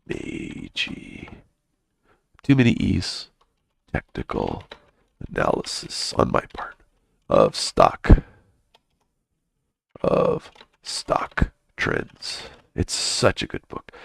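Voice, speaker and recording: A man's voice: sits low, vocal fry, husky, no room sound, clean studio sound. A man hosting a live trading stream, chatting casually and with plenty of swearing, often mumbling in a half-whisper.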